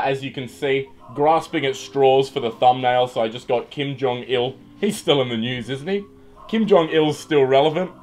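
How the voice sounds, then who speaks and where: Over background music, an Australian livestream host with a medium-pitched, darkish voice sits at his computer. He keeps things casual and jokey, welcoming viewers by name.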